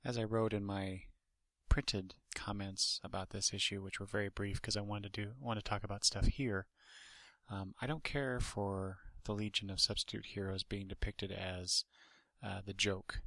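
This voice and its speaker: A man with a low, gravelly voice that stays bright and edgy, casually reviewing a comic. He rambles through restarts and asides. The recording is dry and close. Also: little pitch movement, normal speed, no echo. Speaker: podcast host and comic reviewer.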